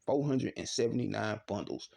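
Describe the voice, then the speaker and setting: A man with a Texan accent hosting a comedic news show, loud and slangy as he jokes through the story. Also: lowish voice, normal speed, gravelly, background noise. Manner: loud joking slangy delivery. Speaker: news commentary host.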